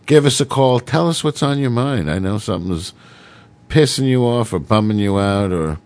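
A man's voice: fairly low pitch, lively intonation, normal speed, a little mellow. Irreverent man hosting talk radio. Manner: irreverent, rambling, crude jokes; reads news items with sarcastic asides. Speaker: radio show host. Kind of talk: casual talk radio monologue.

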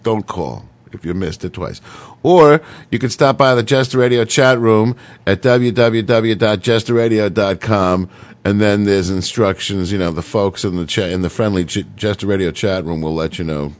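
A man's voice: on the low side, moderate pace. A man hosting a comedy radio show, bantering casually and goofily, now and then slipping into mock accents. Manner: goofy, jokey, slips into mock accents.

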